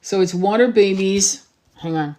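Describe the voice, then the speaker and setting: A woman's voice: mid-range voice, measured pace, dark tone. A woman hosting a casual livestream, talking while searching online, distracted and swearing, with many restarts. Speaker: tarot reader livestream host.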